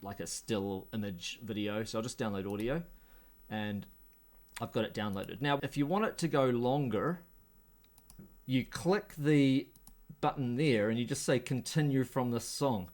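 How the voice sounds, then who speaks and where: A man hosting a casual screen-share tutorial, relaxed and thinking aloud as he clicks through steps. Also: mid-range voice, unhurried. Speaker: host.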